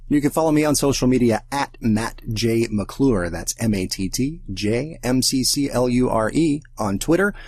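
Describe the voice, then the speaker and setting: Male journalist co-host from the American South, wry dry asides, mid pitch, close dry sound. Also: animated, normal speed, few pauses, darkish tone, slightly rough, dry recording. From Southern United States. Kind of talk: casual podcast chat.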